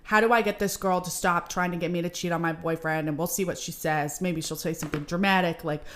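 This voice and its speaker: A young woman voicing a pushy, fast-talking female TV producer with a New Jersey accent. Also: fairly low pitch, fairly even intonation, natural voice. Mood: scheming. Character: brash female TV show producer.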